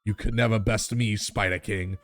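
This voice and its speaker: A man's voice: on the low side, steady tone, normal speed, a bit bright, faint music behind, natural voice. A man doing a grandstanding mock knight. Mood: heroic. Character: dad player character acting as a brave knight.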